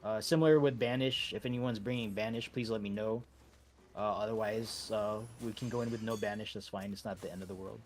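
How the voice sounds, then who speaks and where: A man leading a game raid over voice chat, talking in a relaxed, halting way with many fillers and restarts. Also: lowish voice. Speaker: raid leader.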